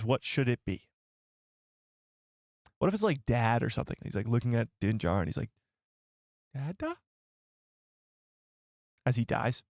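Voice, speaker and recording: A man's voice: mid-range voice, no echo, studio quality. Chatty young man hosting a live stream. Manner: chatty and jokey, thinking aloud with fillers. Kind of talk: casual live-stream chat reading viewer comments.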